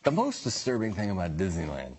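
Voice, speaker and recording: A man's voice: deep voice, wildly swooping pitch, a little fast, a little mellow, a little hiss or hum. A man, a talk-show guest, reading jokes off cards with playful, dry timing.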